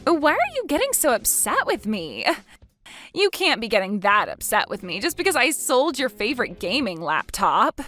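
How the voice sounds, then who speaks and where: A woman doing a shrill, stammering sister-in-law. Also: huge pitch swings, normal speed, a bit bright, soft background music. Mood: scornful. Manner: stammering, indignant.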